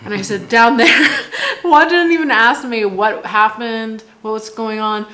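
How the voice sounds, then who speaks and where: A woman's voice: fairly high pitch, unhurried, a bit bright. An American woman in her thirties vlogging at home, telling stories in a chatty way, laughing often and filling her talk with "like". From United States. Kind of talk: casual vlog storytelling.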